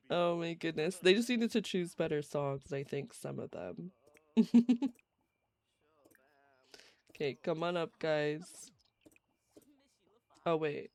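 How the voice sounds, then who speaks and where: Slow, chatty woman streaming a game. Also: on the low side, darkish tone. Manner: chatty, giggly, reacts to gameplay. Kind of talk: casual live-stream commentary. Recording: faint game music behind.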